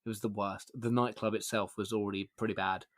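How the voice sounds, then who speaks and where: A man's voice: fairly low pitch, level tone, fast talker. A young man, co-hosting a podcast in casual chat, rambling, laughing often and swearing freely. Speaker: podcast co-host.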